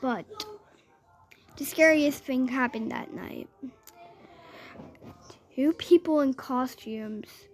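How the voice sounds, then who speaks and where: High-pitched woman telling a spooky story, slow and rambly. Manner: rambling, lots of "I was like" quoting. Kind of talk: improvised scary story telling.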